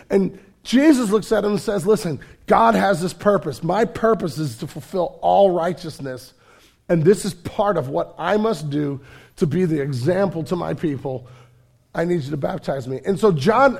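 A man's voice: high-pitched, vocal fry, slightly rough. A man preaching a sermon as pastor, telling the story in a casual, conversational way with fillers and repeated words.

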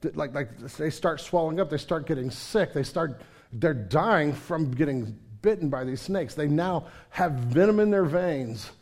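Animated preaching man, fairly high voice. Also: a little slow. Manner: animated storytelling preacher, acts out quoted voices. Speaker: pastor. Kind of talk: sermon.

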